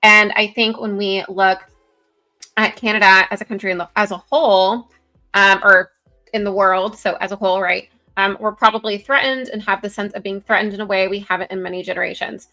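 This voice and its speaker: A woman co-hosting a casual political commentary show over a video call, chatty and giggly, reading news aloud with quick asides. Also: mid-range voice, fairly even intonation, sharp tone, soft background music. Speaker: co-host. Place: home, virtual background.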